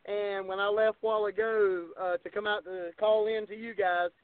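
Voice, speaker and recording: A middle-aged man with a Southern Georgia accent, calling in as a wrestling promoter and talking in a folksy way with many pauses. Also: sits high, level tone, smooth, no echo. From American South. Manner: folksy, many "uh" fillers, says "y'all" and "yes, sir". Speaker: wrestling promoter, phone-in guest. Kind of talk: casual phone interview. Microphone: phone call. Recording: tinny phone line.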